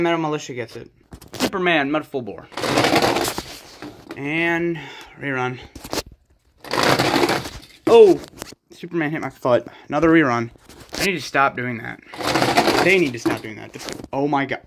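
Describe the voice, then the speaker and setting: A slightly high-voiced man rattles off quick, excitable play-by-play for toy truck races with sudden exclamations. He is at home on a rug floor, and the recording carries loud background noise with clicking sounds. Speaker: race commentator and organizer.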